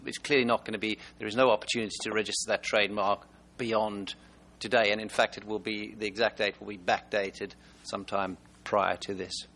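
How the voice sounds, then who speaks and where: Male presenter, gravelly and bright-edged voice, stop-start answers to audience questions. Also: fairly low pitch, flat delivery. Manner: halting, many restarts and repeated words. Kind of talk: conference Q&A answers.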